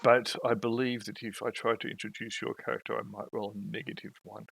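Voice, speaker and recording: A man's voice: fairly low pitch, level tone, fairly quick, vocal fry, fairly bright tone, faint music behind, rough recording. A man running a tabletop game, chatting casually with wry humour. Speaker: game master. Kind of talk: casual game chat over voice call.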